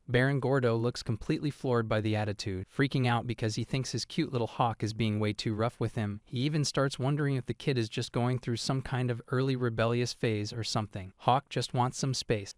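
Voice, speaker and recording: Guy doing a casual comic recap voiceover, steady mid pitch, dry booth sound. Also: dry recording. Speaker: recap narrator. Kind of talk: scripted story recap narration.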